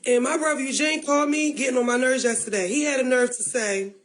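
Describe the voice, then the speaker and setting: A woman rambles emotionally on a livestream and talks directly to the people watching. Her voice sits very high. Her delivery is loose and unscripted. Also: steady tone, fast. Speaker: livestreamer in a played clip.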